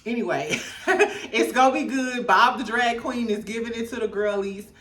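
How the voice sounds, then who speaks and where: A woman's voice: a little high, normal speed, distant mic. Laughing, profane woman in an echoey room. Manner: animated, profane, laughs often. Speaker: show host. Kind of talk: casual reality TV commentary. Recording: echoey room, set back from the mic.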